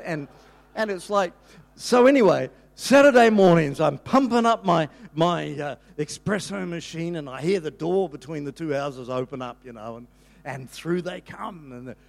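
Older male pastor, high-pitched, animated storyteller who rambles and restarts, with sudden shouted bursts. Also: normal speed, gravelly. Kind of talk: storytelling sermon.

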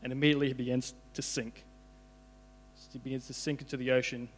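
A man's voice: medium pitch, little pitch movement, quick pace. Young man preaching in an echoing hall. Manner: conversational, repeats words as he goes. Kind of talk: informal sermon. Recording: hall reverb with mains hum.

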